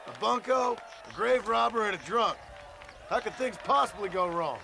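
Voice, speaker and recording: Gravelly deadpan outlaw, kinda high, game ambience. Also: male voice, normal speed, slight background noise, full character voice. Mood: dry. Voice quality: gravelly, dry sarcastic. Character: gruff reformed outlaw man, dry, blunt. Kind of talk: video game cutscene acting. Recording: game audio with outdoor ambience.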